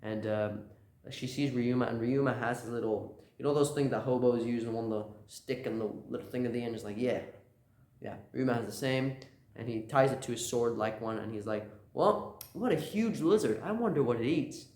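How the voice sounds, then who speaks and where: A man's voice: mid-range voice, fairly even intonation, brisk, darkish tone. A man casually recapping a comic chapter, loose and rambling with lots of filler words. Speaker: channel host. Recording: roomy echo.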